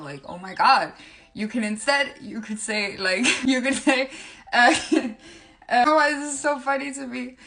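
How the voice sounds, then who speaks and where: A woman's voice: fairly high pitch, fairly bright tone. A woman giving a comedic language tutorial, playful and often breaking into laughter. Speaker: language-tips creator.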